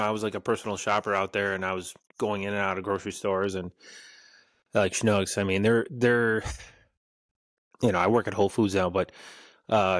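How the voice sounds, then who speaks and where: A lower-voiced man chats on a podcast, animated and quick to curse. The sound is dry and close, with no room around it. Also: dry recording. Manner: animated, swears a lot. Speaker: podcast co-host. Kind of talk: casual chat.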